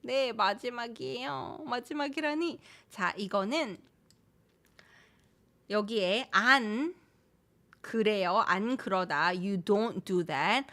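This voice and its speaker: A sing-song, medium-pitched voice, a bit bright and fairly quick, belongs to a woman teaching Korean on a live stream. She's a native Korean speaker who mixes English explanations with Korean, repeats example phrases, and reads out viewers' names and comments.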